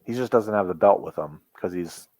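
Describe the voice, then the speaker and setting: A man's voice: sits low, a little fast, a little mellow, no echo. A man co-hosting a wrestling podcast, asking questions and making dry jokes. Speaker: podcast co-host. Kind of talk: casual chat watching wrestling.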